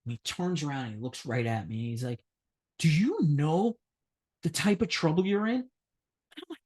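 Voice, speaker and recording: A man's voice: fairly high pitch, animated, moderate pace, darkish tone. A man co-hosting a podcast, telling a long anecdote in casual chat. He swears a lot, laughs often and acts out the voices of the people in his story. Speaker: podcast co-host.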